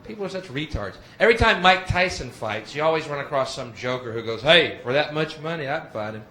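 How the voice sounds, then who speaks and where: A man's voice: a little high, animated, fairly quick. A young man doing a brash, profane live stand-up routine on a club stage, acting out voices as he goes. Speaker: stand-up comedian. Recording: echoey live club with loud audience noise.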